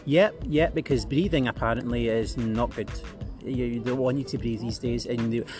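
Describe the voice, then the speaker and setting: A man's voice: mid-range voice, moderate pace, music in the background. A man, a podcast guest, talking bluntly and rambling in casual chat, with frequent laughs and restarts.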